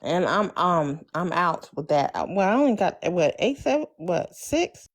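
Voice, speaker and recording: A woman's voice: lowish voice, big pitch swings. A woman from the United States, ranting bluntly and with profanity in a heated panel talk. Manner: blunt and profane, slow, emphatic. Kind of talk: heated casual rant.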